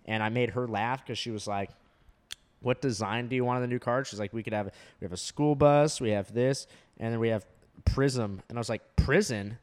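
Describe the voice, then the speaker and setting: A man's voice: medium pitch, a little fast. A young man telling a story in casual chat, swearing often and full of fillers. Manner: animated storytelling, heavy swearing, many fillers.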